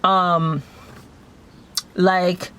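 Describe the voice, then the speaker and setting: A young woman from Canada chatting casually as she tells a story, animated and acting out the voices of others. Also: on the low side, extremely slow, clean tone. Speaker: vlogger.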